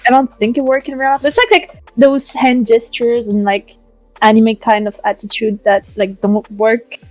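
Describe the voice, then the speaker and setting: A woman's voice: on the high side, flat delivery, moderate pace, no room sound, faint music behind, poor audio. A woman co-hosting a casual podcast, answering with short, dry, teasing remarks. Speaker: podcast co-host.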